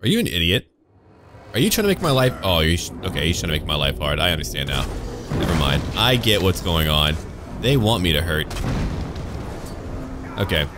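A man's voice: sits low, big pitch swings, fairly quick, long pauses, noisy background. A man giving sarcastic, jokey running commentary while playing a video game, over game music. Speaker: gaming YouTuber. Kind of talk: let's play commentary.

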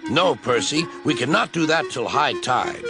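A man's voice: mid-range voice, big pitch swings, moderate pace, gravelly, pitched above the performer's own voice. A man doing a stern railway boss. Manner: stern, scolding, formal. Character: stern, portly male railway controller. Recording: music playing underneath.

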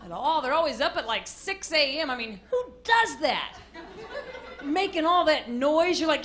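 A woman doing a stand-up comedy set on a club stage, bursting into loud acted-out voices and shouts. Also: high-pitched, animated, moderate pace. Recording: live club with noisy crowd.

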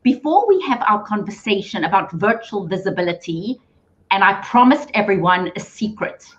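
A woman's voice: mid-range voice, lively intonation, moderate pace, highs cut off. A woman hosting a casual interview, upbeat and explaining things with energy. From South Africa. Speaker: host. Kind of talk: casual video-call interview.

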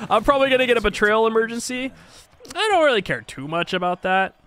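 A man's voice: very high voice, expressive, brisk, fairly bright tone, slight background noise. A young man casually commentating his strategy game as a streamer, joking, laughing often and talking to himself and his chat.

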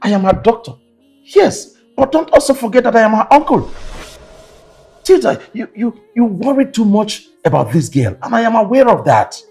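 An actor with a Nigerian accent playing a calm, reassuring doctor who is also the girl's uncle, talking with hesitant restarts. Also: sits high, moderate pace, vocal fry, husky, soft background music, heavily acted. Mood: persuasive. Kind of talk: film drama acting.

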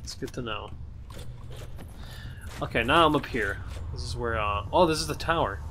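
A gamer giving casual gameplay commentary on a blind playthrough, excitable, swearing often and talking back at enemies. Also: medium pitch, moderate pace, a little hiss or hum. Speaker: gamer playing a shooter.

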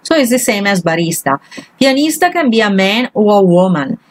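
A woman's voice: medium pitch, big pitch swings, moderate pace, no echo, low-quality recording. A woman, a language teacher, patiently walking through grammar exercises one example at a time. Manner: patient, walks through each example step by step.

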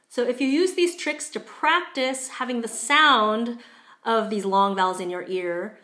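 Bright-voiced woman teaching pronunciation. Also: medium pitch, lively intonation. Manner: clear, deliberate, drawing out example words. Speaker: language teacher. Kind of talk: pronunciation lesson.

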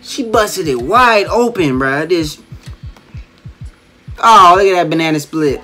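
A man's voice: high-pitched, expressive, takes it slowly, pauses often, bright, forceful tone, faint music behind. A man reacting to a dance video on his channel, calling out exclamations and playful slang as he watches. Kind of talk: excited reaction commentary.

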